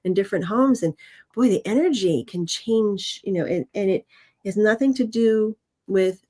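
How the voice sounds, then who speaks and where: A woman's voice: medium pitch, moderate pace, dark tone. A woman co-hosting a casual livestream, talking in an easygoing, reassuring way with plenty of fillers. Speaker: co-host of a weekly intuitive live show.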